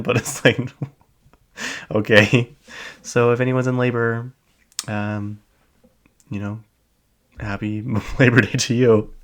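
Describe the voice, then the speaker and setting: A man's voice: fairly low pitch, fairly bright tone. A young adult man hosting a solo podcast, chatting casually and rambling with lots of filler words and small laughs. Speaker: podcast host.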